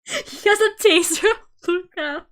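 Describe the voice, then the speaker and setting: A woman in her twenties chatting casually on a live stream, giggly and animated as she tells stories. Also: very high voice, slow. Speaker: VTuber streamer.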